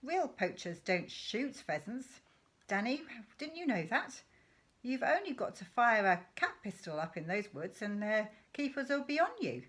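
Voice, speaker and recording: A woman's voice: on the high side, sing-song, unhurried, a bit bright. A woman reading aloud voices a boastful, mischievous father who relishes telling his son tall tales about poaching. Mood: scornful.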